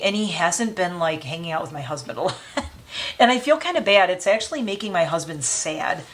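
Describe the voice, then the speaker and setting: A woman vlogging casually as she packs her puppy's travel bag, talking in a chatty and openly emotional way with warm, sentimental asides. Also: lowish voice, very animated, brisk. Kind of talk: casual chat.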